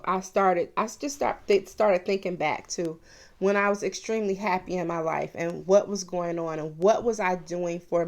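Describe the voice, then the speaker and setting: Woman in her 40s chatting to her viewers, open and confiding, vlog style. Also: lowish voice. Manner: candid and confiding, addressing viewers as "you guys". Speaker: mukbang vlogger. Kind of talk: casual personal vlog talk.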